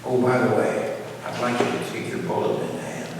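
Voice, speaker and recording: A male pastor delivers a sermon in a conversational way, swelling to loud emphasis when he reads scripture. He sounds far from the microphone in a reverberant church sanctuary, with clear background noise. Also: medium pitch, flat delivery, fairly quick. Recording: echoey church from far off, noisy.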